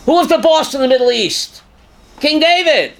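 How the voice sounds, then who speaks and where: High-voiced older rabbi lecturing dramatically. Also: male voice, animated, moderate pace, gravelly, slight background noise. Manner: dramatic, rising to shouts when quoting scripture, questioning students. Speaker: rabbi teaching a class. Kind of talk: Torah class lecture.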